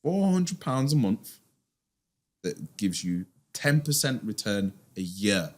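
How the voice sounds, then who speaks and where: A man's voice: fairly low pitch, very animated, slow, a little mellow. A man, a finance guest in a casual podcast interview, talking emphatically and firing off rhetorical questions in a slangy way.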